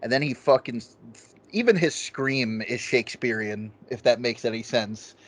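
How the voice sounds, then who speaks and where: A man's voice: medium pitch, moderate pace. A man co-hosting a podcast, chatting loosely about a film and swearing freely as he rambles. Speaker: podcast co-host. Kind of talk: casual film review chat.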